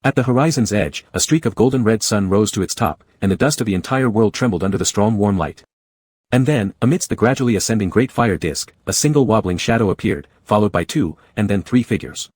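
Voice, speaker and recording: Male audiobook narrator, steady measured delivery, husky, low, dry close recording. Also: no room sound. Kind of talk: scripted narration.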